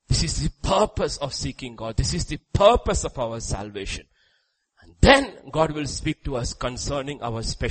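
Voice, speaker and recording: A man preaching a sermon, swinging between loud, declaiming lines and hushed, quiet ones. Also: lowish voice, poor audio.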